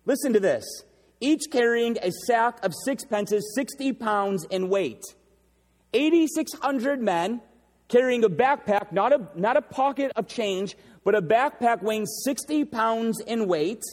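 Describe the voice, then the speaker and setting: A man's voice: very high voice, animated, measured pace. A man preaching a sermon as pastor, emphatic and repeating key phrases for effect. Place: church sanctuary. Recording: long reverb of a large hall.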